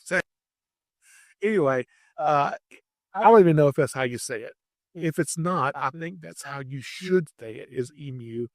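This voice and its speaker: Man, casual podcast host, animated rambling storyteller, a bit high-pitched, dry close sound. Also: normal speed, long pauses, dry recording. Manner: animated, rambling anecdotes with restarts. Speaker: podcast host, wildlife catcher.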